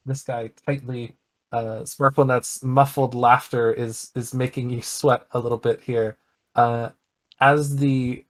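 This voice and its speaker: Guy running a tabletop game, middle pitch, lots of uh and um while he describes stuff. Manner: hesitant narration with many fillers. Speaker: game master.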